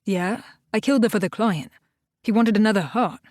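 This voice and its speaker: Woman doing a cold male hitman, curt, indifferent, storybook, mid pitch. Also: moderate pace, a little mellow, no room sound, studio quality, lightly acted. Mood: blunt indifferent. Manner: curt, indifferent, short replies.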